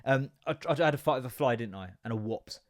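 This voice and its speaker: Brief: young male podcaster, mid-pitched, rambling and self-mocking, lots of swearing. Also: fast talker. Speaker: podcast host. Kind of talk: casual solo podcast chat.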